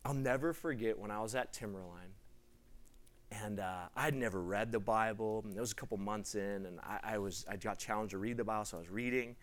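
A man giving a sermon to a live gathering, telling a personal story in an excitable, animated way. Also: on the low side, a little fast. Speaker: preacher.

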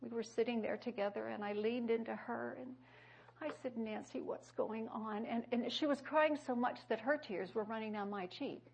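A woman preaching a sermon that mixes scripture with personal stories, rising to loud declarations and dropping to hushed, quiet passages. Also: on the high side, moderate pace, vocal fry, husky. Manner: emphatic, swings between loud declarations and hushed quoted speech.

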